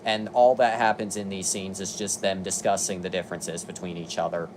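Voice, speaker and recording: A man's voice: low voice, level tone, a little fast, slight background noise. Exasperated young man reading trivia lists. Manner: dry, exasperated asides while reading lists. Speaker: video commentator. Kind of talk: casual review commentary.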